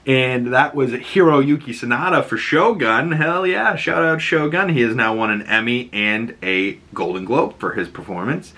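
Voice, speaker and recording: A man hosting a casual pop-culture chat, excitable and rambling, with lots of "like" and "you know". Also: on the low side, slightly rough. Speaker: podcast host.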